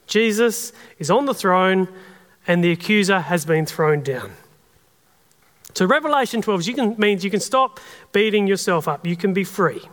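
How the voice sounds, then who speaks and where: A man's voice: high voice, animated, normal speed, a bit bright. A man with an Australian accent preaching a sermon in an earnest, conversational way. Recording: long hall reverb.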